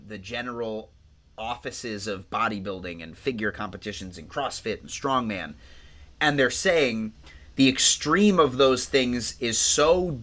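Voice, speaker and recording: Bright-voiced male podcast co-host. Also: mid-range voice. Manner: rambling, profane, animated storytelling. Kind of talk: casual podcast chat.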